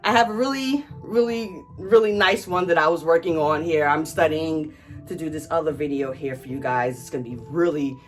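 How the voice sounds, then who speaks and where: A woman's voice: deep voice, steady tone, normal speed, faint music behind. A woman vlogger ranting in angry, emphatic commentary, stretching out words for stress.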